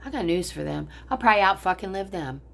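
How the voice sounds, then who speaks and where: A woman's voice: mid-range voice, expressive, fast talker, gravelly, fairly bright tone. An older woman from the United States, venting angrily and profanely to her phone camera at home about her family. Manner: profane, bitter, ranting. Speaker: vlogger. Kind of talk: angry personal vent to camera. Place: at home, looking out on a pond.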